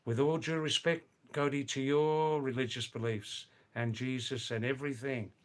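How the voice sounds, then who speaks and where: A man in his seventies with a mild Australian accent, hosting a casual livestream and answering viewer comments in a musing, unhurried way. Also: medium pitch, fairly even intonation. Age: 70s. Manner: unhurried, musing, pauses to address viewers by name. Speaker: livestream host. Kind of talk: casual live chat reading viewer comments.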